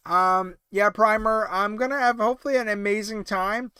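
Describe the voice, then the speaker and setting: A man hosts a late-night livestream, sounding tired and loose as he rambles through halting, filler-heavy chat. His voice sits high for a man and comes through smooth and clear. The sound is dry and close, with no room echo. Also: steady tone, bright, forceful tone. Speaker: toy collecting livestream host.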